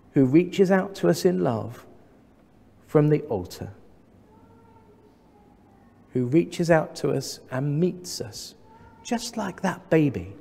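English vicar preaching in a reverberant church. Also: male voice, fairly high pitch, vocal fry. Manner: measured, gently humorous preaching with rhetorical questions. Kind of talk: sermon. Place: large church.

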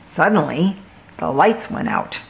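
A woman reading a children's picture book aloud, slow and expressive. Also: low-pitched, gravelly, rough recording. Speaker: children's story reader. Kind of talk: storybook read-aloud.

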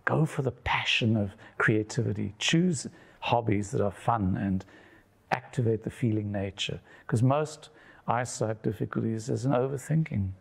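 A man's voice: medium pitch, normal speed, gravelly, husky. A man earnestly giving advice in an interview.

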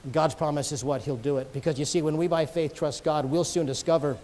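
A man's voice: fairly high pitch, fairly even intonation, normal speed, few pauses, a little mellow. A man preaching a sermon to a congregation, telling stories earnestly and joking with listeners now and then. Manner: earnest, storytelling with jokes to the congregation.

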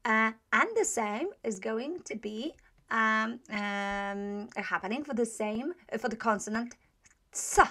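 A woman's voice: a little high, slow pace, sharp tone. A woman teaching a pronunciation lesson. She demonstrates each sound patiently and repeats it several times, with frequent hesitations. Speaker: language teacher.

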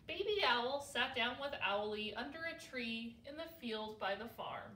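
Sing-song children's librarian, roomy. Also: female voice, on the high side, animated, measured pace, bright, forceful tone, a little hiss or hum. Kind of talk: storytime read-aloud for babies. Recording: roomy, from a distance.

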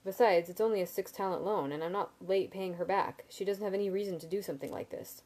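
A woman's voice: fairly low pitch, fast, darkish tone, close to an everyday voice. A woman voicing a young man, the hero of a story, earnest and a little defensive as she reads it aloud. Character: hot-headed young man, story's first-person hero.

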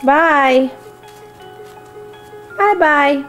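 A woman's voice: high-pitched, drawn-out words, over music, rough recording. A woman filming her babies at home on a handheld camcorder, playful and cooing, laughing often as she talks to them. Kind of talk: home video chat. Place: at home indoors.

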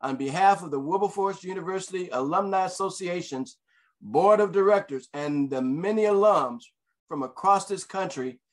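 Older man, alumni president, formal welcome, somewhat high pitch, proud.

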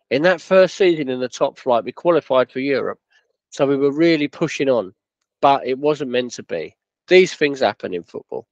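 A man narrating a football club history in a plain, steady storytelling way, with quoted dialogue. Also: medium pitch, dry recording, lo-fi sound.

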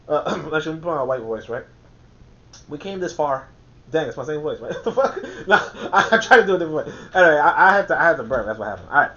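Emphatic high-voiced male commentator, lo-fi. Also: expressive, fairly quick, pushed and bright. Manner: emphatic, repeats key points. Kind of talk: reading a book aloud with commentary. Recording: dull lo-fi recording.

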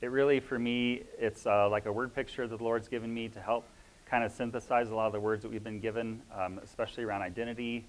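A man sharing a spiritual reflection with a church congregation, talking in a reflective, halting way with many pauses and fillers. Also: on the low side, poor audio. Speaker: church member sharing a word. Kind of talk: informal sermon sharing.

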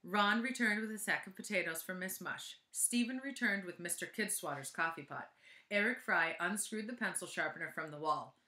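A woman's voice: fairly low pitch, moderate pace, pushed and bright. A woman reading a children's chapter book aloud with chatty asides, in an echoey room. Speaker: reader.

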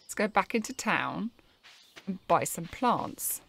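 A woman's voice: on the low side, animated, slow pace, gravelly, fairly bright tone, a little hiss or hum. A woman giving let's play commentary while playing a game, with wry, chatty asides. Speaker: gameplay streamer.

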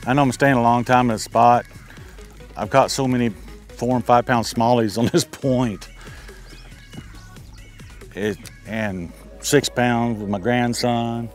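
An older man, explaining bass fishing step by step from a boat on a lake in a folksy, easygoing way. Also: a little slow, long pauses, faint music behind. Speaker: bass angler. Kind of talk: instructional fishing talk.

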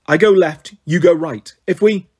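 A man's voice: a little high, moderate pace, darkish tone, breathy edge. A man reading aloud, voicing a clever teenage girl who stammers and speaks urgently. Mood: anxious.

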